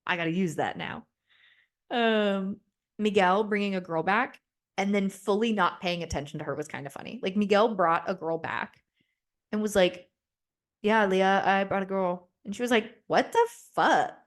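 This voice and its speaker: A woman's voice: mid-range voice, normal speed. A young woman hosting a podcast, chatting casually and gossiping, acting out quotes in exaggerated voices. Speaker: podcast host. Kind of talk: casual chat recapping a reality show.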